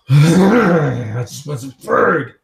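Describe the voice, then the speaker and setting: A man voicing a crude, grumbling, starving male vampire who mutters low and half-whispered. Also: expressive, extremely slow, vocal fry, reverberant, full character voice.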